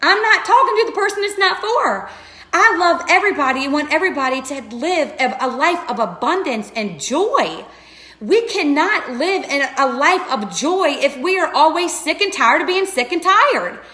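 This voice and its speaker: A woman's voice: sits high, lively intonation, normal speed, bright, forceful tone, roomy sound. A woman giving an earnest, emotional personal testimony, talking straight to her listeners. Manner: earnest and passionate, addresses listeners as you guys. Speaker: direct sales coach.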